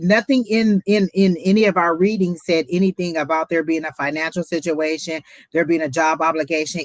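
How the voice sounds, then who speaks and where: A woman's voice: low voice, no echo. A woman co-hosting a livestream tarot reading, chatty, blunt and outspoken. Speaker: tarot reader and co-host.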